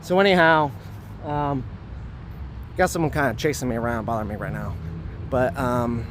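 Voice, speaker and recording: A man telling a personal story to camera outdoors, rambling and earnest, filling every pause with "you know" and "like" and hurrying to finish. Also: medium pitch, fairly even intonation, fairly bright tone, faint music behind. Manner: hurried, wanting to finish quickly. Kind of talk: casual spoken recollection.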